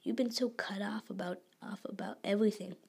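A woman voicing a scared, defiant boy in hiding, in a whispery, gravelly voice. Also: mid-range voice, steady tone, brisk, darkish tone. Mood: hurt. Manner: anxious, defiant. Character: frightened Jewish boy in hiding.

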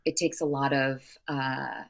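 An actress speaking in a casual interview, talking at length in a rambling way with frequent restarts. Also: female voice, a bass voice, flat delivery, a little slow, creaky. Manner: long-winded, rambling with restarts.

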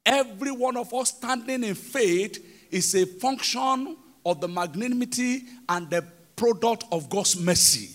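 A man with a Nigerian accent preaching a sermon in a church service. He preaches emphatically, asks the congregation questions, and swings between shouts and quiet passages. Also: very high voice, lively intonation, a little slow. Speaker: pastor.

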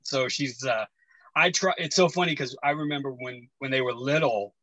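A man in his forties trades stories on a podcast. His voice is bright and a little husky, and he keeps acting out what other people said. The recording is dry, with no room sound. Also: medium pitch, moderate pace, dry recording, dull audio. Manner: animated storyteller, acts out quotes, laughs often. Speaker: podcast guest. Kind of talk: casual chat.

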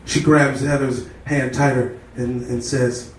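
Man reading a story deadpan on stage. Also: mid-range voice, slow. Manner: deadpan storytelling, with stumbles and asides. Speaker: comedy reader. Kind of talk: live comedic reading of a story. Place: live comedy stage indoors. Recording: echoey room, distant mic, noisy.

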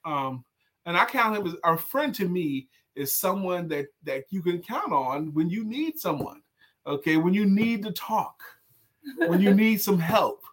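A man's voice: sits high, a little slow. A man hosting a morning show, chatting casually, laughing and teasing his guests. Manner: lively, laughs often, ribs his guests. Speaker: show host.

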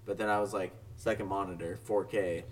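A man's voice: deep voice, steady tone, a little fast. A young man co-hosting a casual podcast chat, laid-back and swearing often. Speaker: podcast co-host. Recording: distant from the mic.

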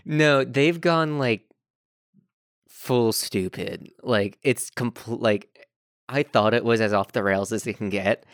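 A man's voice: medium pitch, slow pace, dry recording. A man co-hosting a casual recap podcast, giving wry, dry commentary. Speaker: podcast co-host.

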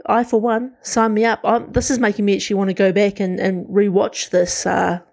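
A woman co-hosting a casual podcast, talking with eager enthusiasm and frequent restarts. Her voice is warm and mellow rather than bright. She sits at a medium pitch. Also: little pitch movement, a little fast, creaky. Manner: enthusiastic, chatty, many restarts. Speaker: podcast co-host. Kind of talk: casual pop-culture chat.

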